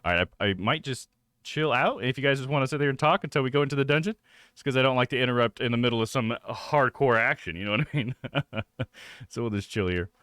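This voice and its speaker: A man's voice: mid-range voice, fast, a bit bright, clear, resonant tone, dry recording, studio quality. A young man chatting casually with viewers on a live stream, laid-back and swearing freely. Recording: game music behind.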